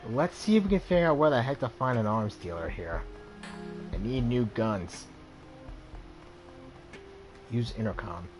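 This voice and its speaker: Man casually reading game text aloud. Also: mid-range voice. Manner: relaxed, reads text aloud with small slips. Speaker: let's play host.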